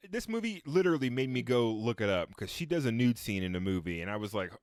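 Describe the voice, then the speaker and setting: A man co-hosting a casual film podcast, animated and crude as he jokes about a movie. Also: mid-range voice, fast, no room sound, studio quality. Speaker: podcast co-host. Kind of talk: casual film review chat.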